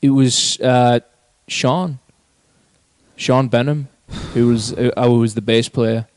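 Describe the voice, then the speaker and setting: A man chatting loosely as a band member on a podcast. He rambles with plenty of fillers and swears offhandedly. His voice is mid-pitched, and the sound is dry and close. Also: steady tone, slow, a little mellow, clean tone, no room sound. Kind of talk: casual podcast chat.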